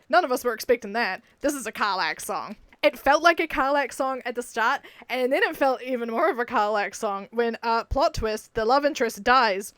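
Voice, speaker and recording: A young woman with a New Zealand accent, chatting excitedly in a casual video, gushing and often laughing. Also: on the high side, moderate pace, hardly any pauses, no room sound. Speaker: video creator. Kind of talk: casual enthusiastic video commentary.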